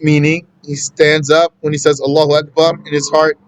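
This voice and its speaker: A man's voice: on the high side, level tone, normal speed, smooth. Man giving a casual, repetitive religious lesson. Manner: conversational, repeats points for emphasis. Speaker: Islamic teacher.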